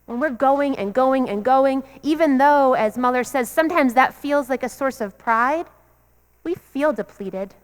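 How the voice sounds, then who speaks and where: High-voiced woman preaching in a reverberant church. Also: measured pace, clear, resonant tone. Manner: earnest, repetitive preaching cadence. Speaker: pastor. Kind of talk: sermon. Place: church sanctuary.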